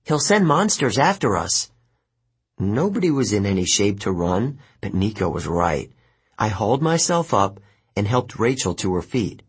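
A man's voice: fairly low pitch, moderate pace, breathy edge. A man reading a first-person novel aloud as an audiobook narrator, voicing each character. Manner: animated storytelling, voices each character.

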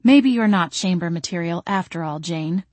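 A curt, condescending woman who runs a committee and expects obedience, read by a woman narrator. The voice sits a little low and is recorded close and dry in an audiobook. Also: moderate pace, darkish tone, no room sound, natural voice. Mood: stern, condescending.

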